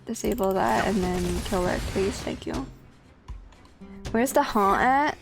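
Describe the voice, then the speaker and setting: Creaky-voiced woman streamer chatting. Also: mid-range voice, a little slow, music in the background. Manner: chatty, swears casually, talks to chat. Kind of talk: casual gameplay commentary.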